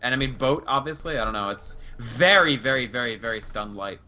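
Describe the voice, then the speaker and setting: A man's voice: medium pitch, animated, a little fast, sharp tone, soft background music. A man from Russia giving live analysis of a video game match in a chatty, analytical way. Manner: analytical, chatty, frequent laughs. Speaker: esports analyst.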